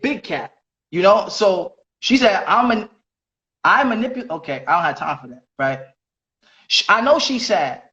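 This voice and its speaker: Streamer man, high voice, preachy and repetitive, echoey bathroom, lo-fi sound. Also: fairly bright tone. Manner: preachy, repeats phrases, lectures. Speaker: live streamer. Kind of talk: heated live-stream argument.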